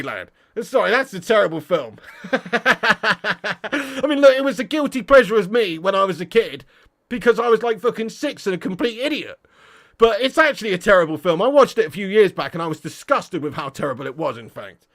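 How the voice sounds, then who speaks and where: High-voiced ranting football fan man. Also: a little fast. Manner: ranting, swearing, animated banter. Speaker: football fan channel host. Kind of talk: casual livestream chat answering viewer comments.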